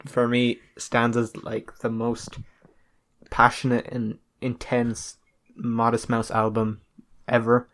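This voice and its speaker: A man co-hosts a casual podcast, speaking in a flat monotone with little rise and fall. His tone stays level as he talks through his opinions. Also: mid-range voice, slow pace. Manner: monotone delivery. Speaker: podcast co-host.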